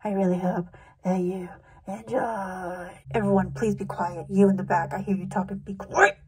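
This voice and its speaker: A woman's voice: mid-range voice, fairly even intonation, normal speed, husky. A woman playing an overdramatic young talent show contestant who talks to the crowd in a theatrical, bossy way. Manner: theatrical, bossy toward the crowd, then gushing.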